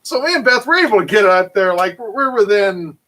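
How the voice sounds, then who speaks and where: A man casually telling a long, animated story full of fillers and restarts. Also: high-pitched, brisk, low-quality recording. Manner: animated, rambling anecdote with frequent fillers. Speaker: channel host.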